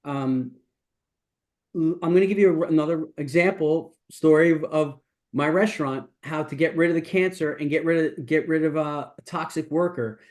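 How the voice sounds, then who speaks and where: A man's voice: a little high, normal speed, darkish tone. A middle-aged man, a business coach, talking casually and emphatically in a masterclass, with frequent restarts. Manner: rambling, emphatic, with many restarts.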